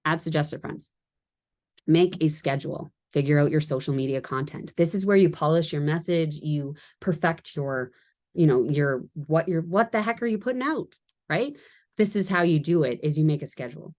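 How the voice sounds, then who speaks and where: A woman giving a casual training talk to her sales team, chatty and quick to laugh at her own jokes and wander into asides. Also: deep voice, a little mellow.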